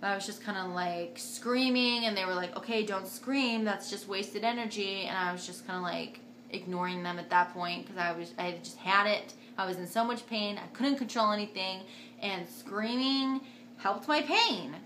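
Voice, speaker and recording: A woman in her twenties telling a personal story to camera in a casual, animated way, acting out quotes. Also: normal speed, slight background noise. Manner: animated, acts out quotes with big jumps in pitch and loudness. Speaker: vlogger.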